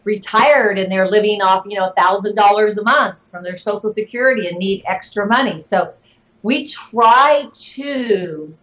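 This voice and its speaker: Middle-aged woman guest, earnest and animated, bit of a dull lo-fi sound. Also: mid-range voice, normal speed. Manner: earnest, animated, lots of fillers. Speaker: guest, network marketing leader. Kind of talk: casual interview talk.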